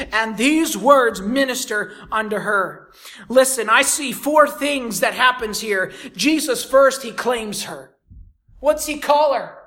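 Slow, dynamic preacher giving a sermon. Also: medium pitch. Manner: swings between raised, emphatic lines and hushed, near-whispered ones; repeats key phrases for emphasis.

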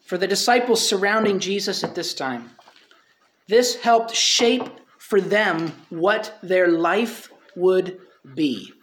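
A man with a high voice preaches a sermon in an easy, conversational way. He reads scripture aloud and often asks his listeners rhetorical questions. A faint hiss sits under the recording. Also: animated, slow, a bit bright.

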